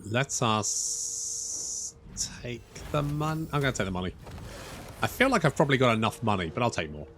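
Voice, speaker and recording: A man's voice: medium pitch, very animated, moderate pace, a bit bright, slight background noise. A man giving casual, wry commentary over a strategy game, swearing freely and chatting to his units. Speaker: gaming channel host.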